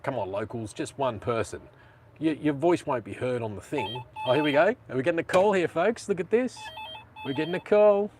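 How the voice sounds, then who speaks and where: A man's voice: fairly high pitch, expressive, brisk, darkish tone, slight background noise. A man with an Australian accent hosting a casual live stream, chatting and rambling in slang.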